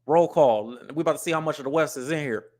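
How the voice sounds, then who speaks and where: A man's voice: fairly high pitch, steady tone, racing. A man from the US West Coast hosting a live stream, talking casually and bluntly, scolding viewers and reading their comments aloud. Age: adult with wife and kids. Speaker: livestream host.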